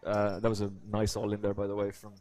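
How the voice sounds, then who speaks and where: A man's voice: lowish voice, monotone, fast talker, a little mellow. A man commentating live poker, a chatty storyteller who slips into voices.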